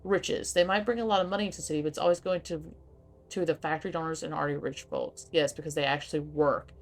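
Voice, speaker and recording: Gravelly low-voiced woman streamer. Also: fairly even intonation, fast, slight background noise. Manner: casual, swearing, laughing, reacting to the game. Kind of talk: live game playthrough, reading dialogue aloud. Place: home streaming setup.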